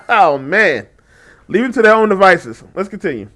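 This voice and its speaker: A man's voice: high voice, big pitch swings, a little slow, bright, forceful tone. A man giving casual reaction commentary on a video, mocking and laughing often, with frequent swearing.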